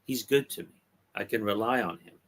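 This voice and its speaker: A man's voice: fairly low pitch, brisk, a bit bright. A man reading as a wistful young woman. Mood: quiet. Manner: plain reading, with little change of voice. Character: wistful young woman rejecting her lover. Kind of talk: reading comic dialogue aloud.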